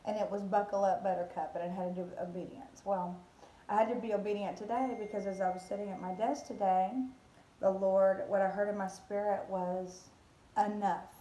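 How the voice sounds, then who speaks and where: A woman's voice: mid-range voice, level tone, a little fast, mellow, slight background noise. A woman giving a casual devotional talk as a Christian vlogger, rambling with many fillers and restarts. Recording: roomy echo.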